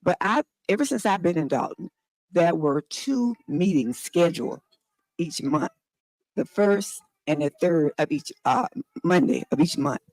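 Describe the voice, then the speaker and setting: Man, slightly high voice, halting public comment, measured, dry close sound. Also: expressive, a little mellow, dry recording, rough recording. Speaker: resident speaking at a public meeting.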